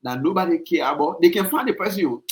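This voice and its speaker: A man with a Liberian English accent hosting a podcast and arguing his point, repeating himself and jumping up high when worked up. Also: expressive, fast, rough recording. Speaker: podcast host. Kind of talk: heated podcast debate.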